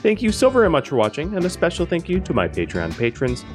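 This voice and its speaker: A man's voice: fairly high pitch, huge pitch swings, fast talker, soft background music. A man streaming a survival game live, chatting casually, thinking aloud and answering his chat as he plays.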